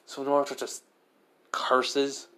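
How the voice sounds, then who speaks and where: A man's voice: medium pitch, completely flat delivery, slow pace, bright, forceful tone. A young man improvising a fan story aloud, rambling with many fillers.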